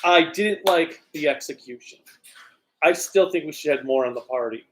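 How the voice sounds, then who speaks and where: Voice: mid-range voice, normal speed, a bit bright, a little hiss or hum. A co-host in casual chat, critical and insistent about a TV show's writing. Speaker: podcast co-host.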